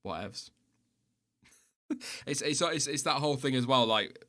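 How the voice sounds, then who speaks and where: A man's voice: mid-range voice, lively intonation, slow pace, pushed and bright. A British man hosting a livestream in casual chat, chatty and self-mocking, laughing often. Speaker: livestream host.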